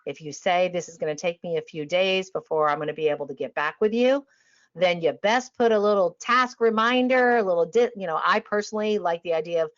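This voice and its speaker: Energetic woman speaker, lo-fi audio. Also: brisk. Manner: energetic and emphatic, drops to a calm low voice to demonstrate. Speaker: industry trainer on a webinar panel. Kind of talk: passionate talk to travel advisors. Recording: dull lo-fi online audio.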